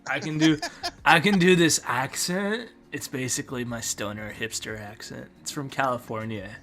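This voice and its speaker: A man's voice: mid-range voice, moderate pace, fairly bright tone, faint music behind. A man from Canada chatting on a podcast, rambling with restarts and fillers and laughing often. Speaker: podcast co-host. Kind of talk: casual chat.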